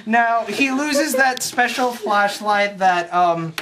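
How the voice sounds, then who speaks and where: A young adult tears through a film's plot with crude, sarcastic commentary, stumbling over restarts and swearing freely. The voice sits at a middling pitch. A faint hiss and the odd click sit under the recording. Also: expressive. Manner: profane, sarcastic, rambling with quick restarts. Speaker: comedic movie recapper. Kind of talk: crude comedic plot recap. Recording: faint background noise and clicks.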